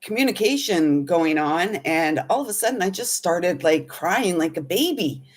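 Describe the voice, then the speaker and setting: A woman's voice: on the low side, animated, moderate pace, husky. A woman who works as an intuitive healer, telling a spiritual story in a casual, meandering and earnest way. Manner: meandering, earnest, speaks of feelings.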